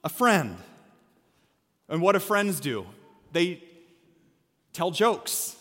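Man preaching, high bright voice, playful and energetic, reverberant church sanctuary. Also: drawn-out words. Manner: energetic, humorous, acts out quotes. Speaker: pastor. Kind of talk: sermon.

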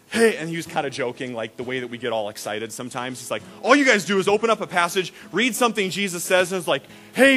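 High-voiced pastor preaching animatedly. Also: male voice, quick pace, hardly any pauses, faint music behind. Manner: animated storytelling, acts out quoted voices; repeats words and restarts when excited. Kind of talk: sermon.

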